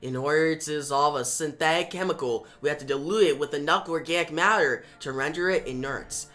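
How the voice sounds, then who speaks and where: Man doing a hushed, quick young hacker woman. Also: fairly high pitch. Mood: urgent.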